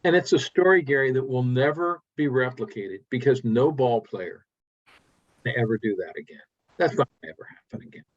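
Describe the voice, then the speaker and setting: A man's voice: mid-range voice, fairly quick, no room sound. A man interviewing a guest, remarking emphatically on the story he has just heard. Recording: dry, dull lo-fi audio.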